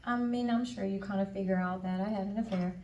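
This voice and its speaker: A woman's voice: mid-range voice, fairly even intonation, fast, warm tone. A woman giving a candid personal testimony at a conference, acting out her own past dialogue and inner voice. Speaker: conference speaker. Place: conference hall. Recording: echoey hall, voice from far off.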